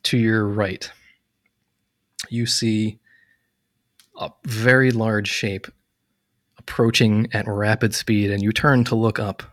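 A man narrating as game master of a tabletop game, relaxed and full of fillers. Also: lowish voice, takes it slowly, pauses often, dry recording, clean studio sound. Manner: relaxed, hesitant, lots of fillers.

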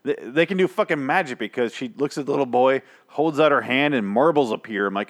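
A hoarse man co-hosting a podcast in casual chat, swearing freely and riffing with laughter. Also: medium pitch, fairly quick, few pauses. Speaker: podcast co-host.

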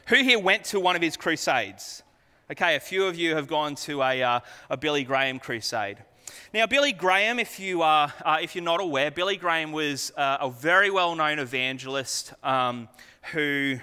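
A man's voice: a little high, bright, forceful tone, clear, resonant tone, big-room sound. A man preaching a sermon, reading scripture expressively and then explaining it to the congregation with frequent fillers. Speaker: pastor.

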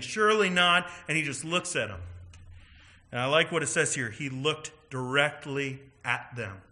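A man preaching a sermon, teaching with animated emphasis and frequent "all right" and "right?" asides. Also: mid-range voice. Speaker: pastor.

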